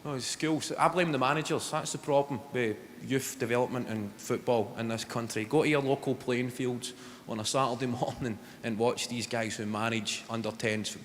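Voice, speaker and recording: On a large theatre stage, a Glaswegian comic with a medium-pitched voice and moderate pace tells deadpan stories that erupt into shouted impressions. The live recording has long reverb, audience noise and laughter.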